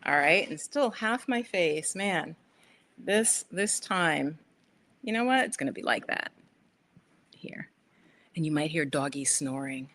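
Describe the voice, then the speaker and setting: A woman's voice: low voice, expressive, slow pace, pauses often, a bit bright. A middle-aged woman hosting a casual livestream from her sofa, chatty and rambling as she gives tarot readings to viewers. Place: living room sofa by big windows.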